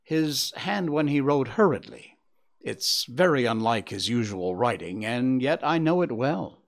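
A man putting on an earnest Victorian lady who won't let a question go, her voice swooping up high and dropping low as she pleads and insists, told like a storybook. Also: lively intonation, a little slow. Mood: insistent. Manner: pleading, pressing for plain answers. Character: Victorian woman, anxious wife, earnest and insistent.

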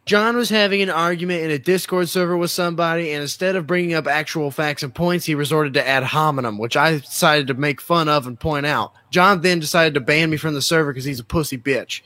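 A man's voice: a little high, a little fast, few pauses, bright, forceful tone, no echo. A man guesting on a casual podcast chat over an online call, teasing the others with crude mockery.

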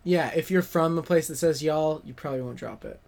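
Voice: medium pitch, fairly quick, creaky, a little mellow. An American podcast host in casual chat, asking curious questions and laughing often. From United States.

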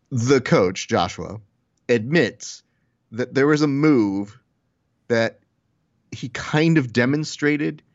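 A man co-hosting a podcast in casual chat, telling a long story and acting out the people in it with quick put-on voices. He swears freely and keeps an easy, conversational flow. His voice sits at a middle pitch, recorded dry and a little dull. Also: no echo. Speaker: podcast co-host.

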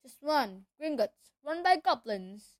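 A woman reading a storybook aloud, voicing a huge, friendly giant man who talks loudly and bluntly. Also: sits high, big pitch swings, takes it slowly, dry recording, full character voice. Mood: hearty. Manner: loud, hearty, blunt. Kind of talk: audiobook character voice.

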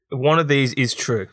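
A man's voice: medium pitch, a bit bright, no echo, studio quality. Sardonic young man hosting. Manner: sardonic, sweary, skeptical. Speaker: podcast host. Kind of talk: casual chat.

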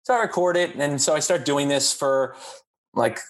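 A man, a podcast guest and actor, telling a rambling comic anecdote in casual chat with lively asides. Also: on the high side, normal speed. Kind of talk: casual comedic storytelling.

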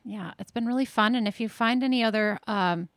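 A woman's voice: a little high, brisk, no room sound, studio quality. A woman hosting a podcast, chatting casually and encouraging her guests. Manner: friendly, encouraging interviewer. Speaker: podcast host. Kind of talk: casual interview chat.

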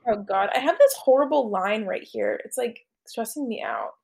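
A chatty woman with a slightly raised pitch, chatting casually and hedging her opinions with filler words. She laughs readily between thoughts. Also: lively intonation, moderate pace, gravelly, darkish tone. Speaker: co-host. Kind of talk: casual chat.

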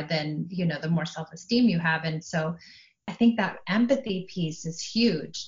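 A mother in her forties talking calmly and at length about parenting, acting out her own and her daughter's lines in quoted dialogue. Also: on the low side, dull audio. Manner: calm, explanatory, acts out quoted dialogue. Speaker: parenting guest. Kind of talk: podcast conversation.

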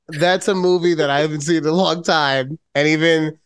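A man in his late thirties co-hosting a podcast, telling stories in a rambling, animated way, swearing freely and poking fun at himself. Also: fairly high pitch, normal speed, smooth, no echo, studio quality. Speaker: podcast co-host. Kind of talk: casual chat.

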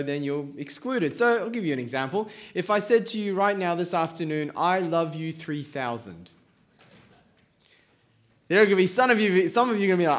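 Guy preaching at church, kinda high voice, chatty and jokey, keeps asking the crowd stuff. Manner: conversational, playful, asks the congregation questions. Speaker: pastor. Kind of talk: sermon.

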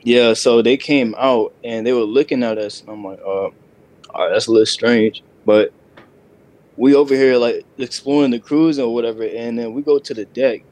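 Young dude on a podcast, medium voice, halting, lots of likes and ums. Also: male voice, medium pitch, steady tone, darkish tone. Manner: hesitant, lots of fillers and restarts. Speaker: podcast co-host. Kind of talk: casual storytelling chat.

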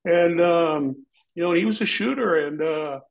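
A middle-aged man with a gravelly, somewhat high voice spins loose, profane anecdotes as an interview guest. He acts out other people's lines in a raised voice. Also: measured pace, low-quality recording. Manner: profane, rambling, acts out quoted voices higher. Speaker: former pro wrestler, interview guest. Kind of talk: casual anecdotal storytelling.

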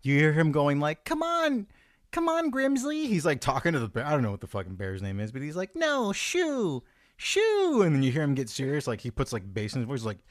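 A man co-hosting a podcast, telling stories in an animated way, laughing often and acting out quotes. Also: mid-range voice, rapid-fire, hardly any pauses, dry recording, studio quality. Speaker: podcast co-host. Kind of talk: casual chat.

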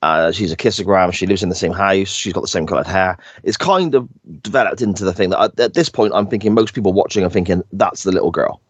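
A man with a fairly low voice chats casually on a podcast, recapping scenes and slipping into quoted lines with easy laughter. The sound is dry and close to the mic. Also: fast, husky, dry recording. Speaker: podcast co-host. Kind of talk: casual chat recapping an episode.

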